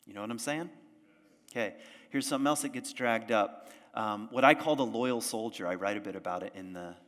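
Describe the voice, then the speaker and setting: A man's voice: lowish voice, a little fast, fairly bright tone. A male pastor giving a conversational sermon to a church audience, often asking them questions. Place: church sanctuary. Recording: long church reverb.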